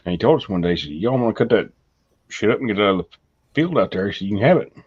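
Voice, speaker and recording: A man's voice: lowish voice, lively intonation, rapid-fire, slightly rough. Drawling man, muffled audio. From southern US. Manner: drawling storyteller, laughs at his own punchlines. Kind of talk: casual chat, storytelling.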